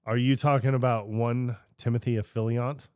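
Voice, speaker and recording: A man co-hosting a podcast, telling stories in a stubborn, deadpan way in casual chat. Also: mid-range voice, moderate pace, clear, resonant tone, no room sound, clean studio sound. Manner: stubborn, deadpan storytelling with swearing. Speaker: podcast co-host.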